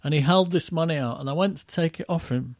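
A man's voice: on the high side, fast talker, no room sound, clean studio sound. A middle-aged man from England, a band musician telling rambling anecdotes in casual chat, with restarts and laughs at his own stories.

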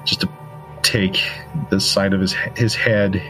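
Low-voiced man running a tabletop game. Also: faint music behind. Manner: relaxed, halting, many fillers. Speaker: game master.

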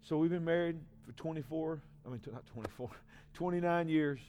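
A man in his forties, a pastor, giving an emotional personal testimony in a sermon, swinging from hushed to loud. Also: on the high side, fairly quick, soft background music. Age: 40s.

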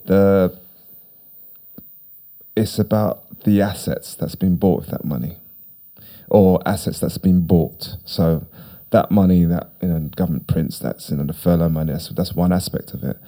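Rambling deep-voiced man. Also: a little slow, mellow. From United Kingdom. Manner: rambling, repeats himself, emphatic. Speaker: podcast guest. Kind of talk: casual conversation.

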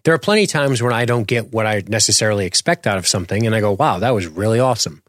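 A man's voice: lowish voice, racing, fairly bright tone, no room sound. A man co-hosting a casual TV recap show, opinionated and profane, reading chat comments aloud. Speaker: podcast co-host.

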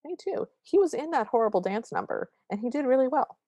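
A woman co-hosting a podcast, recapping a movie in wry, quick, casual chat. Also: high-pitched, expressive, warm tone, no room sound, studio quality. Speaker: podcast co-host.

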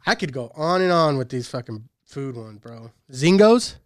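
A man's voice: medium pitch, lively intonation, moderate pace, no echo, clean studio sound. A man in his thirties chatting casually as a podcast co-host, laid-back, swearing a lot and laughing often. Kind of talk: casual chat.

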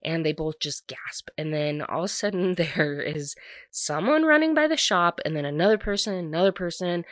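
A woman casually retelling a story, chatty and loose with fillers, laughing through parts of it. Her voice sits on the lower side. The recording is dry and close. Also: lively intonation, normal speed, no echo. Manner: chatty, constant "like", laughs while talking.

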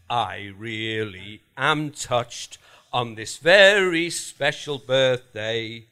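A man's voice: medium pitch, expressive, extremely slow, bright, forceful tone, clean tone, faint music behind. A man in his seventies with a Liverpool accent, speaking from the audience at a live show with a self-mocking humor. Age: 70s. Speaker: audience member.

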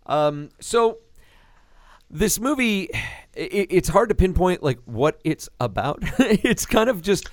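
A man hosting a casual movie review podcast, animated, laughing often and swearing casually. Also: high-pitched, slow pace, no room sound, studio quality. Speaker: podcast host.

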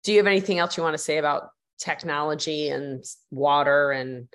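A woman with a low voice hosts a podcast conversation. She talks in long, flowing run-on thoughts with open enthusiasm. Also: fairly even intonation, a little fast, fairly bright tone, smooth. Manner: enthusiastic, chatty, run-on sentences. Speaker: podcast host. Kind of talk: conversational interview.

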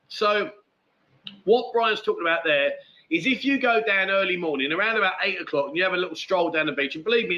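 A man's voice: sits high, bright, forceful tone, dull audio. A man hosting a casual live chat show, rambling and matey as he answers viewer comments. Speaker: livestream host.

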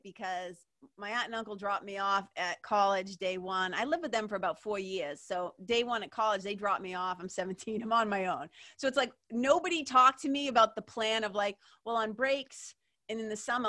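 A woman's voice: mid-range voice, sharp tone. Candid, emotional woman host telling a story. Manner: candid and emotional, swears freely, many "like" fillers. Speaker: podcast host. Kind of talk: casual interview, personal storytelling.

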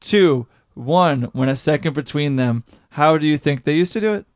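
A man's voice: fairly high pitch, animated, normal speed, dry recording, studio quality. A man co-hosting a podcast, a bit tipsy, rambling loosely in casual chat. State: tipsy from wine. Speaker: podcast co-host.

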